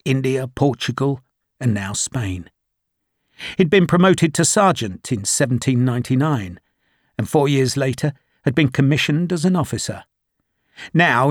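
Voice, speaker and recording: Audiobook narrator, male, husky mid-pitched read, measured delivery, dry studio sound. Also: dry recording. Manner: measured, even storytelling.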